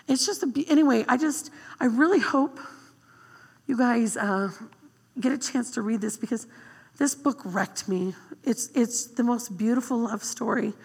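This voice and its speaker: A woman guest pastor giving an emotional, animated sermon in a church sanctuary. Her voice is husky and gravelly, pitched a little high. A long reverb trails after her words through the hall.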